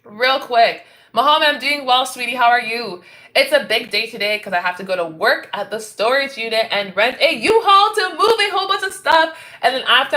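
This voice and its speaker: A woman's voice: on the high side, animated, normal speed, sharp tone. A woman from Canada hosting a casual livestream, chatting with viewers, reading out their comments and laughing often. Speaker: livestream host reading chat.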